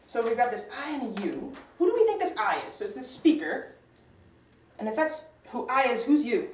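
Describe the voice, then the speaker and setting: A woman English teacher leads her class, brisk and upbeat as she fires questions at her students. Her voice sits a little high. She is picked up from across an echoey classroom with a faint hiss underneath. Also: big pitch swings, distant mic.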